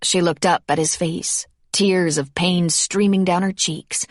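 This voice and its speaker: A woman reading a romance audiobook in measured scripted narration. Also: fairly low pitch, fairly even intonation, no room sound, clean studio sound.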